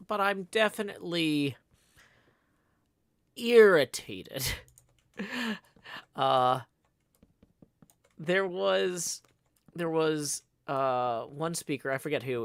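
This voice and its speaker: A man's voice: mid-range voice, no echo. Guy rambling on his livestream, annoyed, lots of restarts, mid voice, dry close mic. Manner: rambling, irritated, with many restarts and fillers. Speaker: livestream host. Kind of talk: casual livestream chat.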